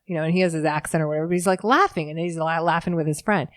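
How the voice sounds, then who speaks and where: A woman in her thirties with a notably low voice, talking as a guest in a casual interview. She tells stories briskly and with lively, self-mocking energy. The recording is dry and close, with no room sound. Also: no room sound. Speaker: guest, startup founder.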